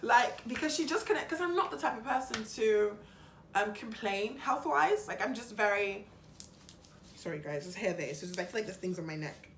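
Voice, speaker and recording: A young woman vlogging about her own experience, chatty and a bit dramatic, acting out what people said to her. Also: mid-range voice. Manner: chatty, dramatic, quick retellings with lively quoted voices. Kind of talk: personal storytelling vlog. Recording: roomy echo with faint background hum.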